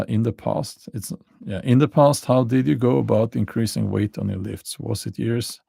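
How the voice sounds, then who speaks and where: Slow, gravelly Norwegian man chatting. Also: fairly low pitch, dark tone, no echo. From Norway. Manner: halting, many fillers and restarts, chuckles dryly. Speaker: livestream host answering chat questions. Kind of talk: casual livestream chat.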